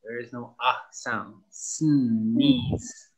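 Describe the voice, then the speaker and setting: A man teaching English to young pupils, spelling out words letter by letter and repeating each word clearly for practice. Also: medium pitch, very slow. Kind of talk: slow, clear classroom instruction.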